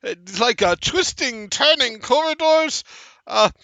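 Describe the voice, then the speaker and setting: A man's voice: extremely high pitch, lively intonation, takes it slowly, sharp tone, dry recording, muffled recording, pitched above the performer's own voice, exaggerated voice. A man voicing a nervous, stammering male halfling slaver who keeps fumbling his words. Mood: flustered. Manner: stammering, fawning.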